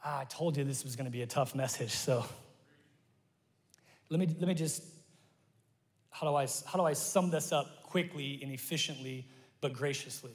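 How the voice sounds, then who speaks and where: A man's voice: mid-range voice, normal speed, long pauses, in a large hall. A man preaching a sermon as pastor, earnest and impassioned, often restarting his sentences. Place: church sanctuary.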